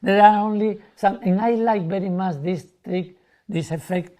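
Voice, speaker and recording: Animated man explaining a magic trick. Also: high-pitched, normal speed. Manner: animated, broken English, acts out spectators' reactions.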